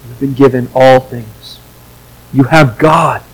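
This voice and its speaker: A man's voice: mid-range voice, fairly even intonation, slow, slightly rough, low-quality recording. A man preaching a sermon as pastor, earnest, and acting out the quoted voices of the story.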